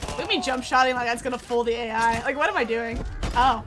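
A woman streamer chatting excitedly through live gameplay, laughing often. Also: fairly high pitch, fast talker. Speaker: gaming streamer. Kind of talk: casual live gameplay commentary.

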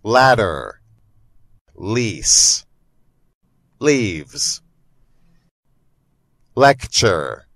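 A man slowly reading a list of single vocabulary words aloud for learners, one word at a time with long pauses. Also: on the low side, big pitch swings, a bit bright, no echo. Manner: reads single words with long pauses, each carefully pronounced. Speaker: vocabulary reader.

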